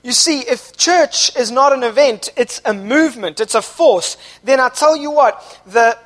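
High-voiced young man preaching with passion. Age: young adult. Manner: impassioned, swinging from quiet to shouting. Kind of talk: sermon. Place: church service.

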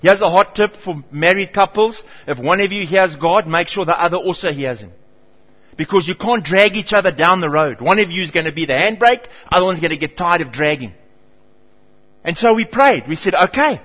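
A man's voice: sits high, moderate pace. A middle-aged man preaching a sermon as pastor, telling stories and acting out the people in them. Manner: animated storytelling, acts out quoted voices. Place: church hall. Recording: dull reverberant church hall.

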